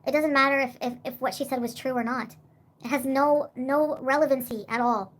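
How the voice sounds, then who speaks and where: A woman's voice: high-pitched, fairly even intonation, a little fast. A young woman livestreaming, rambling in casual chat with lots of "like" and swearing.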